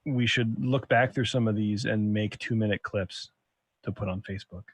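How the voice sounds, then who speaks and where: A man's voice: lowish voice, steady tone, moderate pace, no echo. A young adult man hosting a podcast, telling stories in a rambling, profane way full of restarts. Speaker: podcast host. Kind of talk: casual chat.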